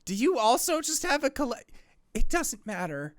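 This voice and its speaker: A woman's voice: a little high, big pitch swings, moderate pace, no echo, clean studio sound. A woman player chatting casually and joking at a tabletop game.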